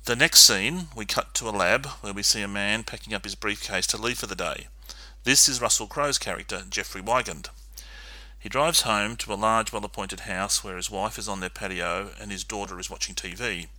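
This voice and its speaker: A man with a somewhat low but very bright, sharp voice co-hosts a film podcast, walking methodically through the plot with the odd um. The sound is dry and close to the mic. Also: moderate pace, no echo. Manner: steady, methodical recapping with filler ums. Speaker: podcast co-host. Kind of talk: casual film discussion and plot recap.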